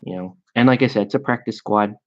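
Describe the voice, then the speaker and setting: A man chatting casually and rambling with amusement as he paints miniatures at his hobby desk. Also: on the low side. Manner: slow, rambling, self-amused. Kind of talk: casual chat while painting. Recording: dull lo-fi sound.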